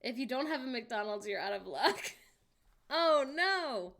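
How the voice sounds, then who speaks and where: A young US livestream host talks briskly in a creaky, animated, medium-pitched voice. She reads chat aloud, jokes, laughs often, and lets loose incredulous outbursts.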